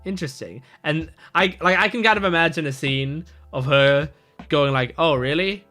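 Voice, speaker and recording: A man's voice: on the high side, moderate pace, sharp tone, soft background music. A man hosting a casual reaction video, rambling and thinking aloud with lots of fillers and restarts. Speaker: reaction channel host.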